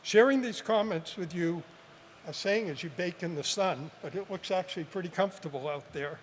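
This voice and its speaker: A man in his seventies, high-pitched for a man, delivers a measured, heartfelt commencement speech with touches of gentle humor. He speaks into a podium mic at an outdoor ceremony, and the sound carries a long, lingering reverb with faint background noise. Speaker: professor giving a commencement address.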